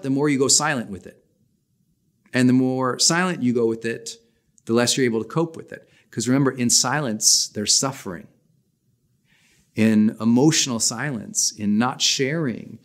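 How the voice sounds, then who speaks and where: A man in his forties teaching a personal development class in an energetic, emphatic, conversational way. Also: medium pitch. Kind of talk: motivational class talk.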